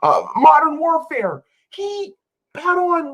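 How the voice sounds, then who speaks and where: A woman's voice: high voice, very animated, slow pace, low-quality recording. A woman streamer ranting to her chat in an exasperated, profane way, repeating herself for emphasis. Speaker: wrestling streamer. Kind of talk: livestream rant to chat.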